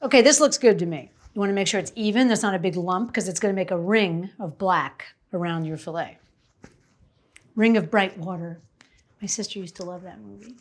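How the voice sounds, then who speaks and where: A chatty woman in her fifties talks through a recipe while she works, wandering off into stories. Her voice sits at an ordinary middle pitch, and her delivery is casual and unscripted. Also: a little fast. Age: 50s. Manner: chatty, rambling, laughs often. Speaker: cooking show host. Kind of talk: casual cooking demonstration.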